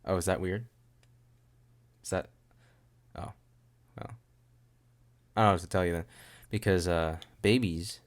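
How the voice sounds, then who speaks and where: A man's voice: low-pitched, steady tone, measured pace, long pauses. A young man hosting a podcast, rambling casually and jokingly with lots of "dude" and fillers. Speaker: podcast host.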